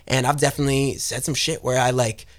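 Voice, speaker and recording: A young man telling a story in a casual podcast chat, lively and quick, often acting out the voices of the people he quotes. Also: mid-range voice. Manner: fast, animated storyteller who acts out quoted voices. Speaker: guest.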